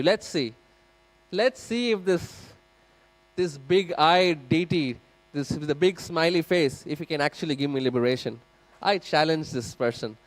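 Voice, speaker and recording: A man's voice: medium pitch, vocal fry, no echo, natural voice, poor audio. A man voicing a skeptical, modern young husband who speaks in a sarcastic, challenging way.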